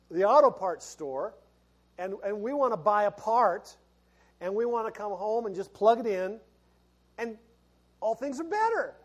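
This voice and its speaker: A middle-aged male pastor with a high-pitched voice preaches a sermon in a folksy, conversational style, laughing and restarting as he goes.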